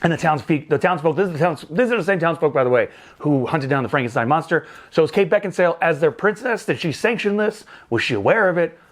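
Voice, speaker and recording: Male movie reviewer, fairly high voice with an animated, bouncy delivery, jokey plot-recap energy. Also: fast. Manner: animated, joking, acts out movie lines in funny voices. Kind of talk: casual recap and commentary.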